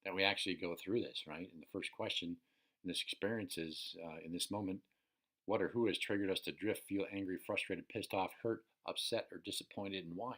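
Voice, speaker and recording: A man's voice: deep voice, fairly even intonation, fairly quick, fairly bright tone. A man coaching listeners in a casual, unscripted teaching talk, profane and checking in with "right?" often. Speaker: personal development coach.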